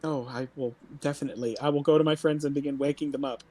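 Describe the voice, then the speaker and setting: A man's voice: mid-range voice, fairly even intonation, fast, dark tone. A man playing a tabletop game, chatting casually and slipping into theatrical in-character lines. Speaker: player.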